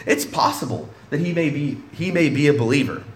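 A male pastor delivers an emphatic, conversational sermon, his voice rising and falling in lively swings. He sits a little higher than most men, and the roomy echo of a church sanctuary carries his words. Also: a little fast. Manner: emphatic, conversational preaching with frequent restarts.

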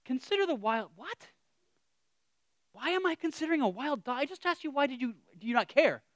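A man voicing a bewildered, suffering man who pleads and protests in a high, incredulous tone. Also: animated, quick pace, fairly bright tone, no echo, studio quality.

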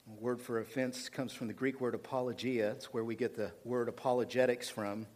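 A man preaching a sermon, swinging between loud emphasis and quiet, low passages. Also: level tone, brisk, few pauses. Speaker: pastor.

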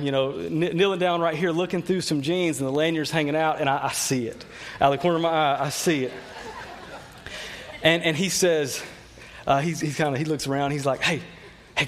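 Guy preaching, chatty storyteller, kinda high voice. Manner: conversational, storytelling, often repeats words. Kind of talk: sermon with personal stories.

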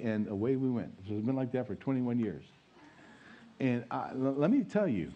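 A man's voice: fairly low pitch, dark tone, muffled recording, slight background noise. A middle-aged man, an interim pastor, giving an informal, chatty sermon full of fillers and storytelling. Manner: folksy and chatty, many fillers, chuckles at own stories.

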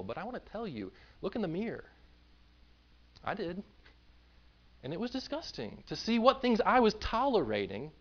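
A man's voice: a little high, muffled recording. A man preaching a sermon in a conversational way, now and then acting out the voices of the people he describes. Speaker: pastor.

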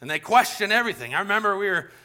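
Male pastor, forties, high bright voice, conversational sermon, animated storyteller who does the voices. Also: rapid-fire. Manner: animated storytelling, acts out voices with big pitch swings.

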